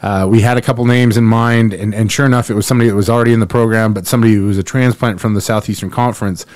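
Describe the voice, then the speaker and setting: A man's voice: lowish voice, fairly even intonation, racing, a little mellow, dry recording. A man co-hosting a casual sports podcast, talking in a rambling, jokey way with restarts. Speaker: podcast co-host.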